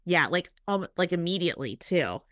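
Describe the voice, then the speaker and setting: A woman hosting a podcast in casual chat, agreeable and quick with short affirmations. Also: lowish voice, very animated, fairly bright tone, no echo. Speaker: podcast host.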